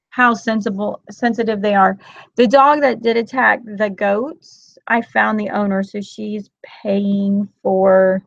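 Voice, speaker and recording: A middle-aged woman hosting a casual livestream chat, telling animated stories and greeting viewers by name. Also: mid-range voice, vocal fry, no echo, lo-fi sound. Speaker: homeschooling mom livestream host.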